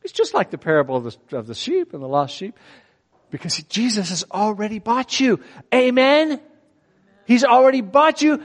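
In a large hall, a middle-aged man gives a sermon at a normal speed, his voice sitting high. His manner is lively and chatty, and he frequently asks the audience questions.

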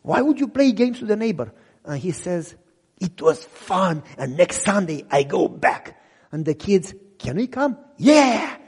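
Male pastor, storytelling sermon, acts out dialogue, husky voice, long reverb. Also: very animated, unhurried. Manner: acts out dialogue with big swings in loudness and pitch. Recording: long reverb in a large hall.

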